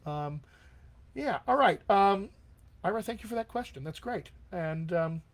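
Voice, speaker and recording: Upbeat man with a slightly high voice. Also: expressive, measured pace. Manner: upbeat and encouraging, often checks in with "all right?". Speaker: dialect coach. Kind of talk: live online Q&A answering viewer questions.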